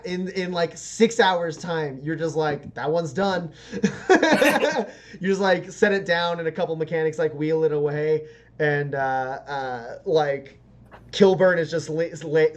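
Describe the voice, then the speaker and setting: A man running a tabletop game as game master, narrating in a rambling, filler-heavy way. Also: fairly high pitch. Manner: rambling, many fillers, laughs often.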